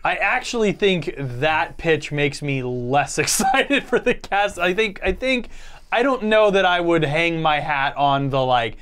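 A man co-hosting a casual podcast, playful and animated. His pitch swings up and down as he jokes along. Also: unhurried, clean tone. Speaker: podcast co-host. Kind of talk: casual chat.

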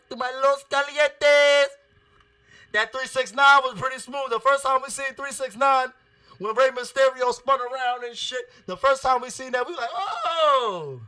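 Podcast host, male, very high, lively pitch; profane, rambling monologue. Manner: profane, rambling, animated storytelling. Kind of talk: casual monologue.

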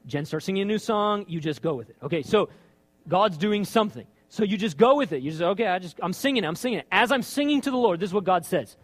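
This fast-talking man has a high voice and delivers a chatty sermon full of rhetorical questions. He animatedly acts out dialogue, taking on his own lines and God's.

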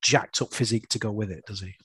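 A man's voice: on the low side, fairly even intonation, quick pace, sharp tone, slightly rough. A man, a father, hosting a casual comics review podcast and often ending his points with tag questions like "isn't it?". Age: young adult or middle-aged, a father. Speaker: podcast host.

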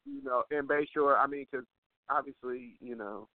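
A man's voice: mid-range voice, steady tone, moderate pace, dry recording. A man co-hosting a podcast, chatting in an opinionated, casual way with many fillers. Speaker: podcast co-host. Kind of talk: casual chat. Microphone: phone call. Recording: tinny phone-line sound.

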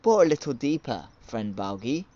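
A man's voice: medium pitch, lively intonation, moderate pace, a little mellow, muffled recording, lightly acted. A man voicing a stern, cunning old male god who speaks in a commanding way, in a storytelling reading.

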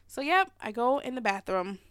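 A middle-aged woman telling a family story in casual conversation, animated and laughing often as she acts out what people said. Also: a little high, moderate pace, smooth, dry recording, clean studio sound.

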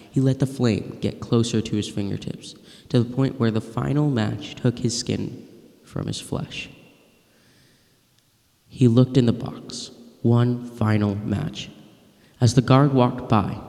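A man reading a dark short story aloud with measured, dramatic pacing. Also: medium pitch. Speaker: narrator. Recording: long reverb.

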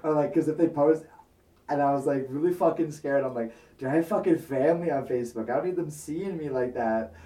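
A man's voice: a little high, brisk, warm tone, far from the mic. A young man telling a rambling, profane personal story in a casual chat. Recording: echoey room, off-mic.

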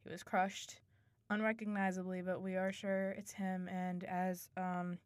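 A woman voicing a somber messenger who brings bad news in a quiet, formal way. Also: on the low side, flat delivery, measured pace, dry recording, natural voice.

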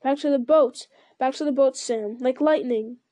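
A woman's voice: sits high, fairly even intonation, moderate pace, mellow, dry recording, natural voice. A woman voicing an earnest, plain-spoken male hobbit servant in a read-aloud story. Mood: determined.

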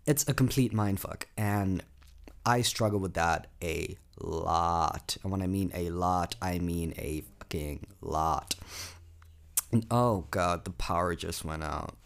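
An eighteen-year-old man from South Africa talks through his own podcast in a low, gravelly voice. He rambles loosely, leaning on fillers and swearing freely. The delivery is an unscripted solo monologue. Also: slow pace. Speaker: podcast host.

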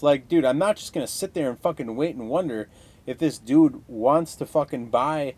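A man's voice: mid-range voice, darkish tone. A young man hosting a casual solo podcast, ranting heatedly with constant swearing. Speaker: podcast host.

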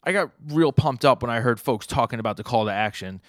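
A man reading comic lines aloud while voicing a male rioter with a pig-like look who is soft-hearted and unsure of himself, speaking in a hesitant, pleading way. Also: medium pitch, expressive, quick pace, no echo, studio quality, lightly acted. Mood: doubting.

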